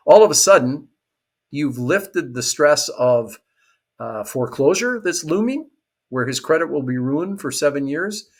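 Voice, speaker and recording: A man's voice: on the high side, unhurried. A middle-aged man explains a real estate investing strategy in an interview, telling a story and acting out what the people in it say. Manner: lively storyteller who acts out quoted people.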